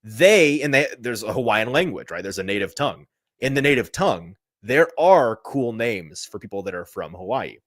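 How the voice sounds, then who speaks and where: A man's voice: mid-range voice, sing-song, normal speed, fairly bright tone, no room sound, studio quality. A man hosting a casual sports podcast, rambling through a tangent with chuckling, self-deprecating asides. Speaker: podcast host.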